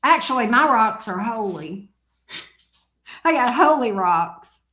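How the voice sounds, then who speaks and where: Lady tarot host, goofy teasing chat with her dog, kinda high voice, roomy echo. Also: expressive, slow, sharp tone. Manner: playful, teasing, joking. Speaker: tarot reader, channel host. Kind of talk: casual livestream chat with viewers and her dog. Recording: echoey room.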